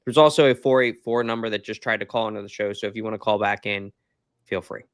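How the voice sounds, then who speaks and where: A man's voice: lowish voice, steady tone, fast, no room sound, clean studio sound. A man hosting a live sports postgame show, upbeat and friendly with callers. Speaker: podcast host.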